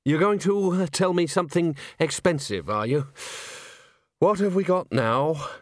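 A man puts on a fussy middle-aged businessman who frets and stammers, his voice jumping higher whenever money or trouble comes up. The delivery swings widely in pitch. It is close and dry, with no room in it. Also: lively intonation, unhurried, no echo. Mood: alarmed. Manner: flustered, blustering, stammering.

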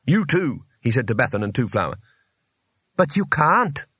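A man voicing a timid, anxious young male wizard with a squeaky way of talking. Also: big pitch swings, moderate pace, fairly bright tone, breathy edge, no echo. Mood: shaky resolve.

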